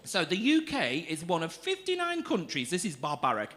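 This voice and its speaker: A young man works a comedy club crowd with camp, teasing cheek. His voice sits high and swoops lively over wide pitch, with a bright, forceful edge. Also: moderate pace. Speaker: stand-up comedian. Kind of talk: stand-up comedy with crowd work. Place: comedy club stage before a live audience.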